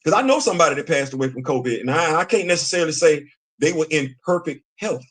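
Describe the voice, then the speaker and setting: A man's voice: on the high side, animated, fast talker, fairly bright tone, slightly rough. A middle-aged man hosting a live commentary stream, talking casually, repeating himself for emphasis and answering his chat. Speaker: show host.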